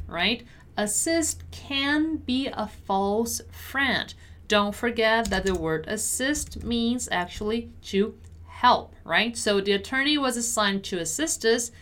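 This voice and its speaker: A woman with a slightly high voice teaches business English pronunciation. She repeats each word and phrase several times, slowly and deliberately, so learners can copy her. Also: fairly bright tone. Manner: slow, deliberate repetition of words. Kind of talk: pronunciation lesson.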